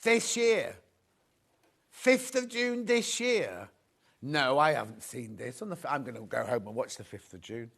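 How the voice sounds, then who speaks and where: A man's voice: mid-range voice, big pitch swings, measured pace, gravelly, a bit bright. A man presenting fabrics on a live TV shopping show, chatty and rambling, full of anecdotes.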